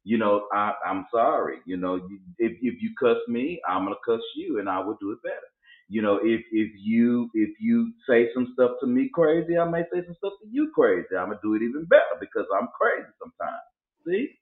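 A man's voice: medium pitch, a little fast. Guy host chatting, acts out the stories, sounds like a phone call in a roomy space. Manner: animated storyteller acting out voices. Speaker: podcast host. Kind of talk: casual chat. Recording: tinny phone-like audio in an echoey room.

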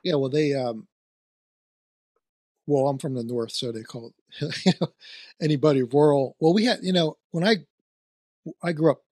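A man's voice: on the high side, normal speed, pauses often, mellow, dry recording, studio quality. A man from near Trenton with a Philadelphia-area accent, hosting a casual interview and rambling through fillers and restarts. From New Jersey, near Trenton. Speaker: podcast host.

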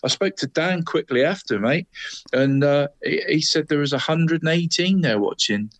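A man's voice: on the high side, lively intonation, normal speed, no room sound. Male co-host, rambling chatty delivery, dry close recording. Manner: chatty, says "mate" constantly, rambling restarts. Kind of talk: casual football chat.

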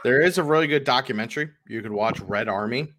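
A man co-hosting a podcast, chatting casually about sports with many fillers, getting animated when he tells a story. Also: medium pitch, fast. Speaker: podcast co-host.

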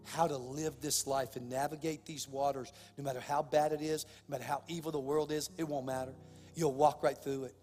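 A man preaching a sermon as pastor, impassioned, swinging between hushed, heavy passages and loud, driving ones. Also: a little high, level tone, a little fast, in a large hall, soft background music.

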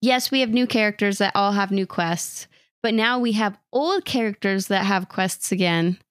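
A woman's voice: medium pitch, moderate pace, no room sound, studio quality. A young adult woman co-hosting a casual podcast, bubbly and gushing in her reactions. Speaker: podcast co-host. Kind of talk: casual chat.

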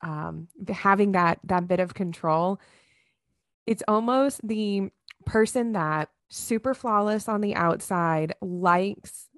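A chatty woman co-hosting a podcast, telling stories with lots of fillers and little acted-out quotes. Her voice sits at a middle pitch and sounds dry and close to the mic. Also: takes it slowly, no room sound. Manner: chatty storyteller, many fillers, acts out quotes. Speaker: podcast co-host. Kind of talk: casual chat.

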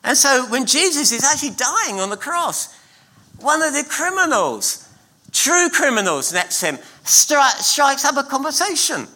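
A middle-aged man preaches in church with a high, lively voice that climbs and falls across each phrase. His tone is bright and forceful, and he hammers key words through repetition and deliberate pauses. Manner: emphatic preaching with repeated phrases and slow pauses. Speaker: pastor. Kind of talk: sermon.

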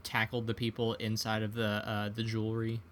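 A man's voice: lowish voice, completely flat delivery, normal speed, fairly bright tone, a little hiss or hum. A man in casual conversation, retelling movie scenes in a laid-back way. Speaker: podcast co-host. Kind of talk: casual film discussion.

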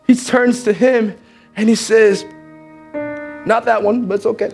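A man's voice: high voice, measured pace, gravelly, long pauses, soft background music. A man preaching in church, telling a story with energy and acting out the characters. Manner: animated, acts out the characters. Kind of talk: sermon storytelling.

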